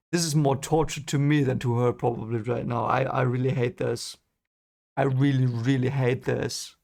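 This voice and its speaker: Brief: man, gravelly voice, emotional first-time reading reaction. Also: medium pitch, darkish tone. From Germany. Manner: emotional, reactive, swears and apologizes. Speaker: channel host reading a book aloud.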